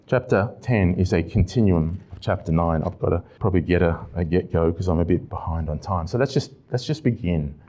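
A man pastor preaching an expository sermon with animated delivery and repeated emphatic phrases. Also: low voice, a little fast, hardly any pauses.

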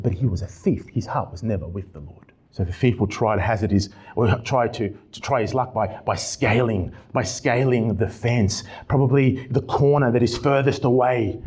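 A man preaching a sermon, swinging from loud emphatic passages to quiet ones, with frequent stumbles and restarts. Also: mid-range voice, normal speed, slightly rough.

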